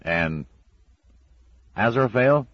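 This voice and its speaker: A man's voice: mid-range voice, lively intonation, slow pace, no echo, highs cut off, pitched above the performer's own voice. A man voicing a weary, sardonic male demon with a dry, bitter delivery, in a storybook reading.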